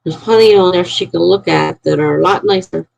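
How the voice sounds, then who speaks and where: A woman's voice: lowish voice, fairly quick, creaky, darkish tone, dry recording, poor audio. A woman chatting casually on a live stream, telling a rambling story to her viewers and sounding tired.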